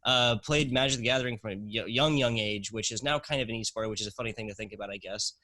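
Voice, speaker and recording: Fast-talking young man. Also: on the low side, bright, forceful tone, no room sound, poor audio. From South Carolina, US. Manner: fast-talking, rambling with fillers and restarts. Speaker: guest, esports commentator. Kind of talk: casual interview.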